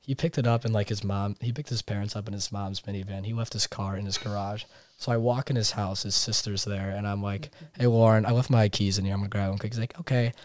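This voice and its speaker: A young man, a podcast guest, telling a long story in a casual, animated way and acting out the quotes. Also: lowish voice, quick pace, a little hiss or hum. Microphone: podcast mic set slightly far.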